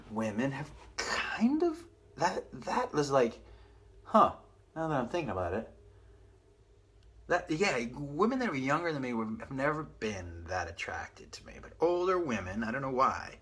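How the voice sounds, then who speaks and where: A man in his forties tells rambling, self-mocking stories on a live stream. His voice is bright and lively, rising and falling a lot. It has a husky edge. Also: medium pitch. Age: 40s. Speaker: podcast host on a live stream. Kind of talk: casual storytelling and reading viewer comments.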